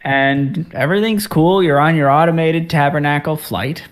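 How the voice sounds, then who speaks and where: A man's voice: fairly high pitch, normal speed. A man running a tabletop game as game master, narrating loosely with many fillers and restarts.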